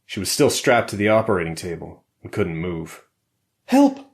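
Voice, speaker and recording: A man narrating a spy thriller audiobook in a measured, steady way. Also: sits low. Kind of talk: scripted narration.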